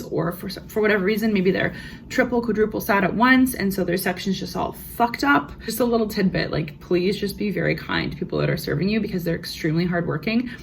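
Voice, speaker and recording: Gravelly young woman ranting casually. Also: mid-range voice, slight background noise. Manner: frank, profane, ranting. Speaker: beauty vlogger telling work stories. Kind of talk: casual storytime rant.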